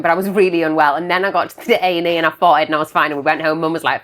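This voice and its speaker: A woman's voice: lowish voice, fairly even intonation, rapid-fire, few pauses, fairly bright tone. A woman, co-hosting a casual podcast chat in a frank, chatty way with free swearing. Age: 30s. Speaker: podcast co-host.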